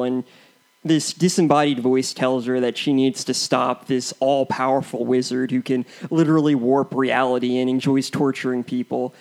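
A young man talks through a film review in a loose, halting way, piling up ums and false starts. His voice sits at an ordinary middle pitch. He sounds like a casual co-host chatting with a friend. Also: darkish tone. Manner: rambling, hesitant, full of ums and restarts. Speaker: co-host of a movie review show.

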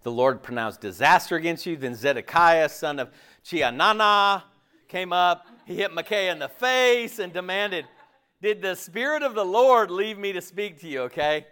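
A pastor giving a casual, jokey sermon, asking the audience questions and laughing often. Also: male voice, high-pitched, moderate pace, sharp tone, clean tone.

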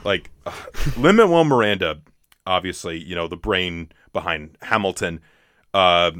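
A man co-hosting a podcast, chatting casually about films. He talks in a hesitant, halting way, with fillers and restarts. His voice is bright and a touch low, recorded dry and close. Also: animated, clear, resonant tone, dry recording. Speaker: podcast co-host. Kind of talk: casual chat.

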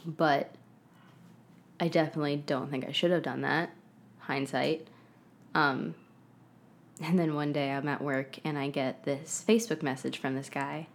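A woman's voice: low voice, steady tone, unhurried, gravelly, long pauses. A woman in her twenties, a guest on a podcast, casually telling a personal story with lots of "like" and "um". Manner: chatty, heavy use of "like" and "um".

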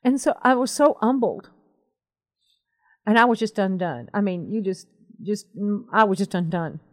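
Animated woman telling a faith story. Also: mid-range voice, normal speed. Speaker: Christian talk show co-host. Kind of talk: conversational faith talk.

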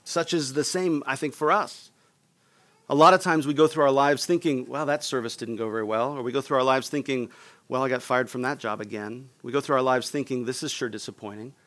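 A man's voice: mid-range voice, steady tone, a little fast, a bit bright. A man preaching a sermon as a pastor, earnest, often asking the room for a response.

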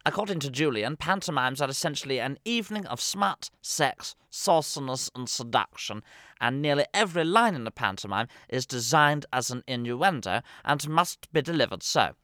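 A man's voice: medium pitch, expressive, normal speed, pushed and bright, no room sound. A man hosting a comedy podcast, giving a scripted monologue in a dry, mock-serious voice with asides. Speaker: podcast host.

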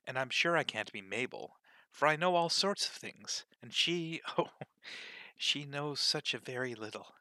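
A man's voice: mid-range voice, animated, measured pace, bright, forceful tone, dry recording. A man reading aloud, voicing a curious young girl who frets and wonders aloud to herself. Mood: fretful. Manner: wondering, fretful talking to herself.

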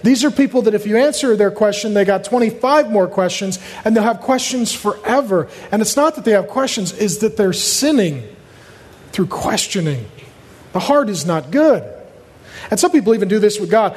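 A man's voice: high voice, moderate pace, pauses often. A man preaching a sermon as pastor, joking with the congregation and acting out quoted voices. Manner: animated, acts out quoted voices, jokes with the congregation. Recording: echoey hall reverb.

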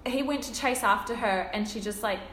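A woman's voice: on the high side, brisk, fairly bright tone. A young woman on a casual podcast, rambling through a story with friends, swearing freely and acting out characters' lines. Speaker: podcast co-host retelling a story. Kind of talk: casual chat among friends. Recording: echoey room with faint noise.

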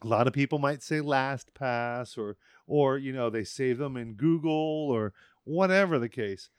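A man's voice: mid-range voice, normal speed, smooth, no room sound, clean studio sound. A man co-hosting a casual podcast as an IT expert, easygoing, laughing often and explaining things plainly.

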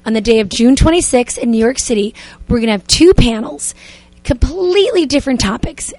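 A woman's voice: high-pitched, no echo. A woman hosting a radio show interview, enthusiastic and effusive in her introductions and questions.

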